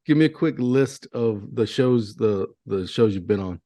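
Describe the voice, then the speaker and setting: Male podcast host, lowish voice, brief prompting questions. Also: measured pace, dark tone. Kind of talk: casual interview questions.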